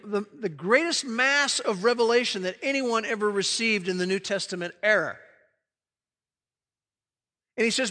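A man preaching a sermon in an earnest way, sinking to a soft hush on key phrases. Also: high-pitched. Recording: long hall reverb.

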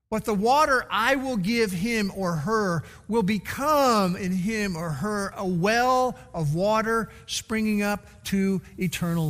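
A man's voice: sits high, pushed and bright, big-room sound. A man preaching a sermon as pastor, teaching and repeating key words for emphasis.

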